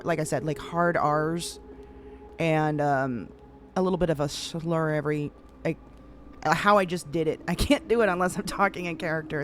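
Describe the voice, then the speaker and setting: A woman's voice: sits low, slight background noise. A woman streamer chatting casually with her viewers, swearing freely. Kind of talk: casual live-stream chat.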